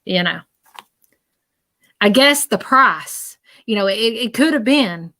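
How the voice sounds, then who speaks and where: A woman relaying a joking male spirit, high and chuckling. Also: expressive, takes it slowly, pushed and bright, exaggerated voice. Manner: teasing, chuckling. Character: laughing, joking spirit of a man.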